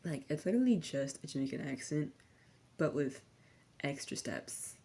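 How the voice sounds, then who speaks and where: Low, mellow young woman's rambling rant. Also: animated, moderate pace, vocal fry, slight background noise. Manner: slangy, sardonic, drifting between soft talk and whispers. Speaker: vlogger.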